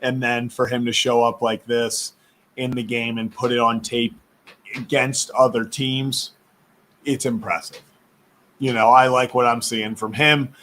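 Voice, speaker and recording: A man's voice: medium pitch, level tone, measured pace, a bit bright, a little hiss or hum. A man hosting a casual live sports stream, chatty and rambling, laughing often, who says his voice is going.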